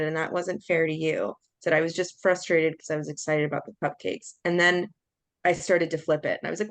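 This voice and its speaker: A woman's voice: sits low, dry recording. A young adult woman hosting a podcast, candidly telling a personal story in casual chat and acting out the quotes. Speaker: podcast host.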